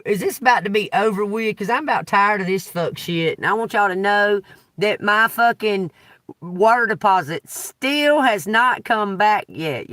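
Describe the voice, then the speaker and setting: Woman, swearing rant, bright tense voice, swooping pitch, dry sound, off-mic. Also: no echo. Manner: profane, agitated ranting. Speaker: tarot reader. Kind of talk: unscripted venting vlog. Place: in a car. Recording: dry, a little far from the mic.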